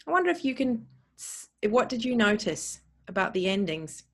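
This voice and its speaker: Her voice at a medium pitch with a sing-song lilt, a woman teaches pronunciation by saying words slowly and clearly. She repeats them and spells each out letter by letter.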